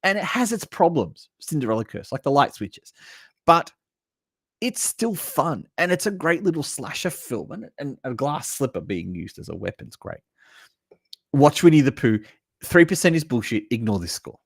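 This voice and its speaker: Lively, sweary man reacting on a live stream. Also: mid-range voice, no echo, studio quality. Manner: animated, blunt and sweary, reads chat comments aloud. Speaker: livestream host reviewing horror movies. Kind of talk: casual live reaction chat.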